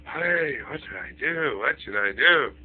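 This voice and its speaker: A man's voice: on the high side, lively intonation, unhurried, voice pushed up. A man voicing an earnest male rabbi who pleads for his people, in a raised voice. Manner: pleading, questioning. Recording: phone-like lo-fi audio.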